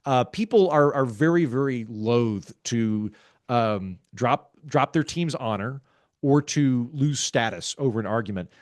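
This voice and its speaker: A man, a guest author in a podcast interview, explaining ideas in a wry, self-aware, calm and measured way. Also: medium pitch, dry recording, clean studio sound. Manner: talks calmly, measured.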